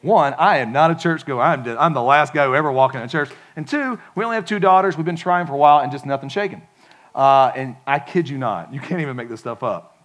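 A man's voice: mid-range voice, lively intonation, quick pace, a bit bright. A man preaching a sermon as pastor, in a casual, conversational way with frequent asides to the congregation.

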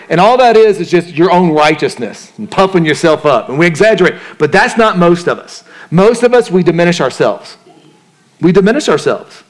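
A man's voice: high-pitched, sing-song, normal speed. Man preaching with conversational energy. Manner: conversational preaching, asks the crowd questions, acts out inner voices. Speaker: pastor. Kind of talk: sermon.

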